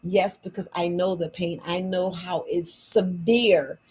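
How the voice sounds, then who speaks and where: A tired, worn-out woman chatting late at night in a low voice. She talks casually to her viewers as a shop owner, repeating words for emphasis in folksy phrasing. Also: steady tone, a little slow, darkish tone, slightly rough, rough recording. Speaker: herbal shop owner selling wellness patches. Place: at home at night.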